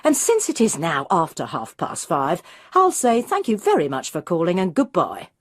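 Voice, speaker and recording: A woman's voice: lowish voice, huge pitch swings, moderate pace, slightly rough, full character voice. A woman voicing a dismissive, insolent young female receptionist on the phone.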